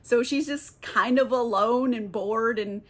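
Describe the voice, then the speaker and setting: A woman's voice: fairly high pitch, a little slow, fairly bright tone. Chatty young woman recapping a show. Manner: chatty, frequent "like" fillers, casual swearing. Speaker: TV recap vlogger. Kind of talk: casual recap commentary.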